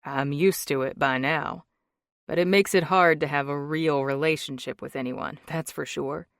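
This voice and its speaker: A woman reading an audiobook, voicing a protective wealthy young man who talks in a steady, firm way. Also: normal speed, dry recording, clean studio sound. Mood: calm. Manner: steady, low-key, firm. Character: protective rich young man, calm and determined.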